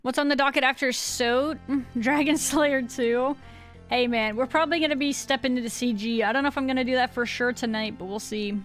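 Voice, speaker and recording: A woman's voice: high voice, fairly even intonation, fairly quick, soft background music. A woman in her thirties streaming a game, chatting casually and rambling as she answers her chat, with a slightly sick voice.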